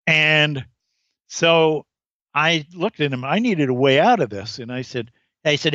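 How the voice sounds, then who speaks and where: A man guest on a podcast, telling anecdotes in an animated way and acting out the voices. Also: a little high, measured pace, no room sound, lo-fi sound. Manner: animated storyteller, acts out voices. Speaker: comedian guest.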